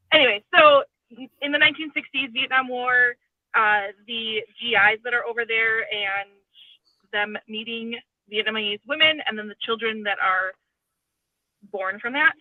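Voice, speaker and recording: A woman's voice: a little high, a little slow, dry recording. Hesitant woman on a phone-like line. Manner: rambling, hesitant. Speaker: guest on a live stream. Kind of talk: casual chat.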